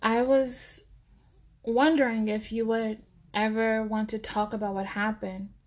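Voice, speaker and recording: A woman reading the lines of a shy, shaken young woman student who speaks softly and hesitantly. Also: fairly high pitch, little pitch movement, measured pace, close to an everyday voice. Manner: soft, hesitant.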